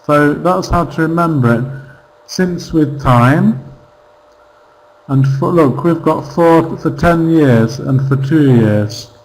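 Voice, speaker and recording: Slow, patient male English teacher. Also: fairly high pitch, low-quality recording. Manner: patient, repeats example phrases, asks checking questions. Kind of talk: online class grammar lesson.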